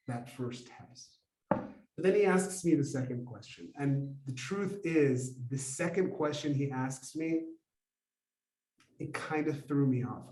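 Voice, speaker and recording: A man telling an animated personal story to a live audience. He acts out the dialogue and asks the audience questions. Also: mid-range voice. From United States. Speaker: speaker. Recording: roomy echo.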